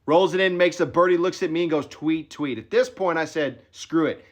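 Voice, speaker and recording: A man who works as a golf caddie, telling a funny story in an animated, boastful way and laughing between lines. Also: high voice, fast. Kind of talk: comedic storytelling.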